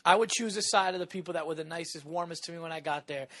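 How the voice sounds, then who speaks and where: A man from New York, a podcast guest in casual chat, talking excitedly with plenty of swearing. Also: a little high, quick pace. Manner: excitable, profane, keeps talking over the other man.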